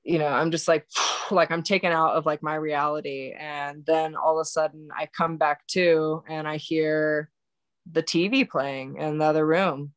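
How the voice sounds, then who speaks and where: A woman telling a painful personal story as a podcast guest, halting and full of fillers and restarts, still in shock. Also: low-pitched, fairly even intonation, no room sound. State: recounting shock and grief. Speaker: birth worker.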